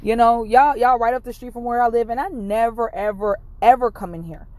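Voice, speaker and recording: A woman's voice: on the high side, steady tone, brisk, darkish tone, no room sound. A woman hosting her own podcast, telling a casual, encouraging story to her listeners from her parked car. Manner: chatty, encouraging, addresses listeners directly. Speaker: podcast host. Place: parked car, rain outside.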